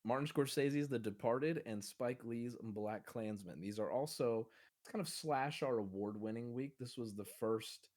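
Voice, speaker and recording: A man's voice: medium pitch, a little slow, darkish tone. A man co-hosting a casual film podcast, rambling through stories with many fillers. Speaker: podcast co-host.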